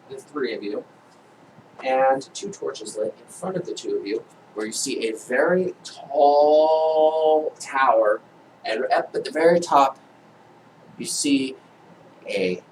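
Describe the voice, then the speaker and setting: A man running a tabletop game as game master, pausing and filling gaps as he paints each scene. His voice sits in a middle pitch. He sounds set back from the mic, with a faint hiss behind him. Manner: slow, hesitant description with fillers. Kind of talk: narrating a tabletop role-playing game. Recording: distant mic with faint background noise.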